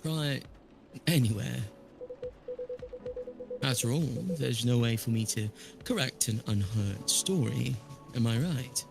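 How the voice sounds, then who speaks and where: A man's voice: medium pitch, animated, takes it slowly, gravelly, long pauses, over music. A man voicing a suave, teasing vampire character, reading game dialogue aloud on a stream. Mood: coaxing.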